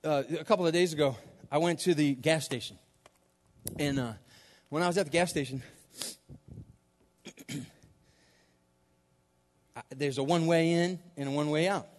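A man's voice: on the high side, moderate pace, long pauses. A man preaching a sermon as a story, acting out his own reactions and laughing along the way. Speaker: pastor. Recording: long reverb of a large hall.

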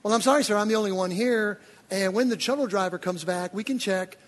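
A man's voice: sits high, brisk. A man voicing a polite male hotel desk clerk who speaks apologetically, in a sermon story. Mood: apologetic. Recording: long reverb of a large hall.

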